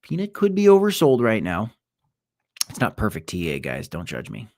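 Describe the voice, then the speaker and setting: Animated male crypto livestream host. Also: lowish voice, normal speed. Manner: animated, rambling, jumps between loud and quiet. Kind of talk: casual livestream market chat.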